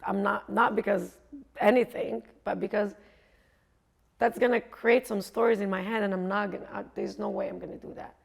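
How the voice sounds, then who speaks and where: A woman's voice: medium pitch, steady tone, moderate pace, creaky. A woman coach giving a casual, conversational storytelling talk, acting out the dialogue as she goes. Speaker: coach and speaker.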